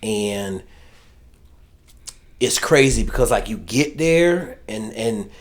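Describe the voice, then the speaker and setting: A man's voice: lowish voice, takes it slowly. A man, a former Navy SEAL, telling stories casually and profanely, often acting out what others said. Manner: profane, animated, acts out quoted dialogue. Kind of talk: casual storytelling.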